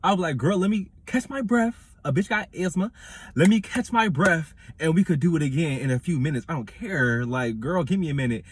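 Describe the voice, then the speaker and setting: A man, reviewing a reality show in casual commentary with animated, dramatic retelling. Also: a little high, a little fast, husky.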